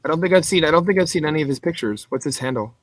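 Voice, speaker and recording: Podcast co-host, male, slightly husky, a bit higher pitch, inquisitive. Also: expressive, dry recording. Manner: curious, asks quick questions. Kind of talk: casual chat.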